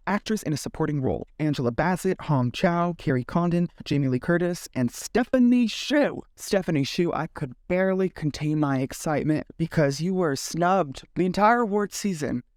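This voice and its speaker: A man hosting a casual movie commentary vlog, sassy and animated, swearing freely and slipping into mock voices. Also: on the high side, no echo, studio quality. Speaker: film commentary host.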